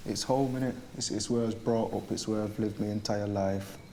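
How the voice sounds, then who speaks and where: Brief: man, monotone and dark-toned, resigned documentary interviewee. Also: on the low side, fairly quick, slight background noise. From Manchester, England.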